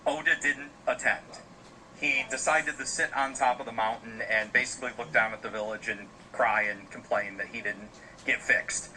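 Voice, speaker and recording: Rambling man telling a dark tale. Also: medium pitch, steady tone, moderate pace, a little hiss or hum, poor audio. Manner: loose, rambling, frequent fillers. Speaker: podcast host telling a story. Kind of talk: casual spoken storytelling.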